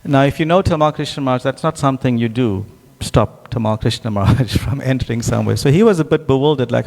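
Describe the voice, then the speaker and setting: A man's voice: medium pitch, fast, gravelly, few pauses, a little mellow. A man giving a devotional scripture class, telling stories with many restarts and asides, recorded with a long hall reverb. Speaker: class speaker.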